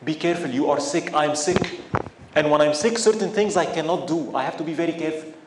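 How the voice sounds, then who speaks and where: Guy teaching a religious class, kinda high voice, lots of "right?" questions, roomy echo. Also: brisk. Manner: animated, asks the audience frequent rhetorical questions. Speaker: Islamic teacher. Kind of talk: religious lecture. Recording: echoey room with faint ambience.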